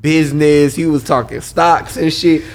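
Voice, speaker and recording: A man's voice: fairly high pitch, steady tone, a little slow. A man co-hosting a casual podcast chat in a laid-back, slangy way, telling wry stories. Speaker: podcast co-host.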